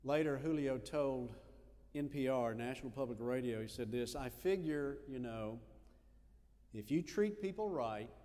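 A man preaching a sermon, telling a story in a lively, animated way with little asides. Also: medium pitch, a little slow, long reverb tail. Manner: animated storyteller, acts out voices in quotes.

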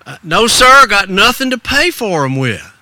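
A man's voice: high voice, sing-song, normal speed, sharp tone, no echo, pitched above the performer's own voice, full character voice. A man voicing a shy, ragged little boy. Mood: bashful, polite. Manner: folksy rural talk, earnest and bashful. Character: small ragged hungry boy, polite and shy.

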